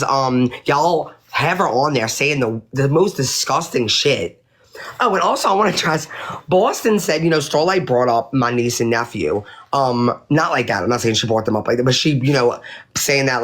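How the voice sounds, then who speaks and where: Indignant, profane woman ranting on a livestream. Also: very deep voice. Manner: indignant, profane, rambling with restarts. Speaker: livestreamer addressing viewers. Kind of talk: heated livestream rant.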